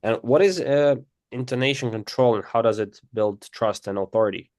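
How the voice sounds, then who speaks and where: A man's voice: mid-range voice, normal speed, darkish tone, no room sound, studio quality. A man interviewing a guest, asking short, plain questions.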